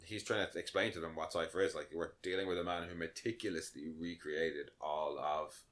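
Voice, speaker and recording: A man's voice: deep voice, fairly even intonation, a little fast, fairly bright tone. A man co-hosting a podcast, chatting casually as he recaps a TV episode and laughs often. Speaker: podcast co-host.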